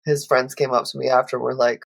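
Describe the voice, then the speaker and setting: A woman's voice: a bass voice, little pitch movement, fast talker, gravelly, husky, dry recording, poor audio. A woman hosting a solo podcast, talking in an emotional, blunt way, swearing freely and rambling with fillers. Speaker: podcast host. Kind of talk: candid solo podcast monologue.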